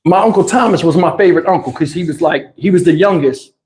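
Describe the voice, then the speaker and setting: A man telling stories on his live stream, in a casual, animated way with crude slang and frequent laughter, through a lapel mic. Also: fairly high pitch, fast. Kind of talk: casual anecdotal storytelling. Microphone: wireless lapel mic.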